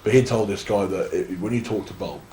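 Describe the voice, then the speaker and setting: A very deep-voiced young man with an English accent, chatting loosely through a long anecdote and often circling back to restart his sentences. The sound is roomy and echoey, with a faint hiss underneath. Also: brisk, dark tone. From England. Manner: rambling anecdotes full of restarts and laughter. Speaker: interview guest, wrestler. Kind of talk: casual storytelling. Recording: echoey room.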